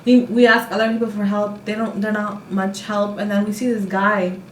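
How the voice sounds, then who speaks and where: A young American woman telling a travel story in a casual, animated way, acting out what people said. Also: mid-range voice, normal speed, reverberant, recorded from a distance, a little hiss or hum, rough recording. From United States. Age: young adult. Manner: animated, acts out quotes.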